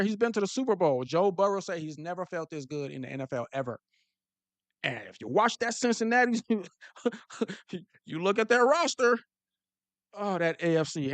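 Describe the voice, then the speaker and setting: A man's voice: sits high, fairly quick, no room sound. A man hosting a casual football talk show, riffing to his viewers in slang with lots of restarts. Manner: animated, repetitive restarts and slang. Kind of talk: casual sports commentary to live viewers.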